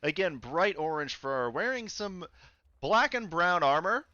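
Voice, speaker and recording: Bright, clear-voiced man running a game. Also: on the high side, animated, measured pace, no room sound. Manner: loose, casual, with many fillers and restarts. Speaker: game master. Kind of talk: narrating a tabletop game. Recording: dry, slightly dull home mic.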